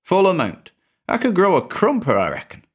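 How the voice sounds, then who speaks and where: A man voicing a lively, easily tempted older pensioner with a British accent, eager and chirpy. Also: high voice, moderate pace, husky, voice pushed up, heavily acted. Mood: eager amused.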